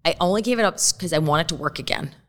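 A middle-aged woman speaking as a podcast guest in casual chat, candid and quick to swear. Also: low voice. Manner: candid, profane and animated.

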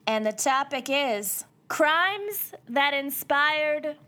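A woman's voice: sits high, expressive, very slow, pushed and bright. A woman co-hosting a podcast in casual chat, laid-back, laughing often and swearing freely. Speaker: podcast co-host.

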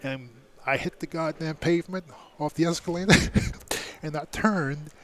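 A former heavyweight boxing champion in middle age guests on a podcast, speaking at a moderate pace in a fairly high-pitched voice. His candid personal story comes out emphatic, peppered with profanity and filler words.

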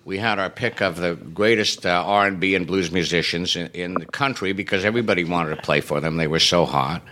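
Wry storytelling man, bright voice. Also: deep voice, a little fast, a little hiss or hum. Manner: wry, self-deprecating comic timing. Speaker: interview guest, musician. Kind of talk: anecdotal interview storytelling.

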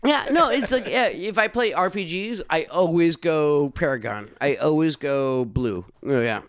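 A man's voice: on the high side, animated, moderate pace, a bit bright, clean tone, dry recording. A man co-hosting a casual podcast chat, laid-back and laughing often. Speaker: podcast co-host.

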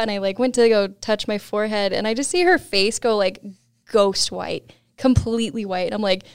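A young woman guest on a podcast, telling a story in casual chat, laughing often and animated when quoting others. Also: medium pitch, moderate pace, clear, resonant tone, dry recording, clean studio sound.

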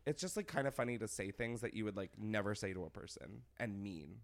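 A young man hosts a casual podcast chat, gossiping with friends. His pitch swings widely as he tells stories, and he breaks into laughter often. He fills his talk with "like" and keeps a loose, playful tone. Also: fairly quick, vocal fry. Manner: animated, gossipy, laughs often, heavy use of "like". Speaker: podcast host.

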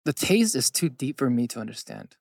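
A man's voice: mid-range voice, very animated, a little fast, vocal fry, darkish tone, no room sound, clean studio sound. A young man from California co-hosting a podcast, chatting casually with playful, joking banter. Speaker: podcast co-host. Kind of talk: casual chat.

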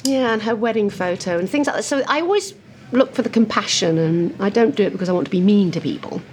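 A woman's voice: medium pitch, quick pace, slight background noise. A woman guest talking animatedly over lunch in a restaurant, telling stories and slipping into impressions. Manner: lively storyteller who slips into impressions. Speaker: interview guest.

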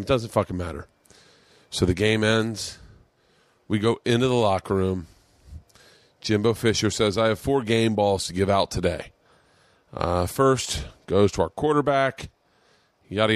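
Low-voiced profane man telling a story. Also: dry recording. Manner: rambling, profane, excitable storyteller. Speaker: podcast host. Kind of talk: casual storytelling monologue.

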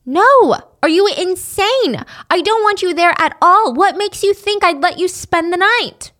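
A woman voicing a strict, harsh older grandmother who shouts and scolds. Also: high voice, fairly quick, close to an everyday voice. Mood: scolding.

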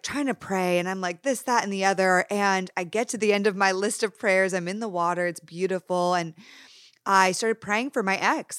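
Animated woman podcast host, dry sound. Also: mid-range voice, dry recording. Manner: animated, laughing, storytelling. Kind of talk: casual conversation.

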